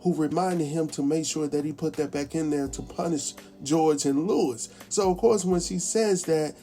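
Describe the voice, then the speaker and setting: Chatty man recapping a show, mellow tone. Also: a little high, faint music behind. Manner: animated, acts out characters' lines in quick impressions; chatty, colloquial, laughs at his own asides. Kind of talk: casual TV episode recap.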